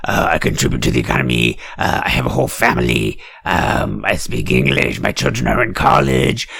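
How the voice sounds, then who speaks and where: A man's voice: deep voice, huge pitch swings, brisk, vocal fry, fairly bright tone, slightly rough, no room sound, full character voice. A man voicing a pleading, earnest middle-aged immigrant man who talks hesitantly, with fillers.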